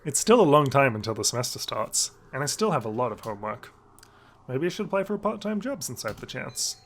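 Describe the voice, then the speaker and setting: A man's voice: medium pitch, very animated, quick pace, a little hiss or hum. Playful man reading a visual novel. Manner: playful, self-mocking asides. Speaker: let's play host.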